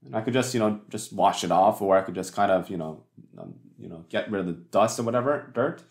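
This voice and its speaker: The preacher's voice is lowish and a little mellow, with vocal fry, and he moves along fairly quickly. Talking to his congregation in a conversational way, he restarts often, leans on fillers, and asks rhetorical questions while the church hall echoes around him.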